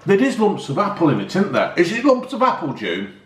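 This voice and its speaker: A man's voice: sits high, huge pitch swings, a little fast, roomy sound. A man, chatting enthusiastically as a casual food review vlogger, often talking while eating.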